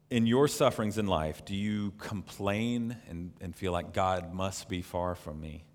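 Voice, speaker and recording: Male preacher, sermon, deep voice, slow delivery, earnest, long reverb in a big hall. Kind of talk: sermon with read-aloud story.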